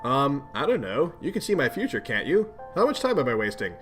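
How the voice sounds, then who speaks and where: A man's voice: mid-range voice, big pitch swings, fairly quick, fairly bright tone, faint music behind. A man voicing an earnest, polite teenage boy hero in a webcomic read-aloud, sounding mildly bewildered.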